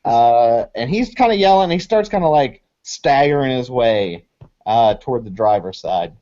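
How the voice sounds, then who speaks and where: A man's voice: medium pitch, animated, moderate pace, mellow. A man narrating a tabletop horror game as game master, loose and casual with lots of swearing and fillers. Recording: dull lo-fi audio.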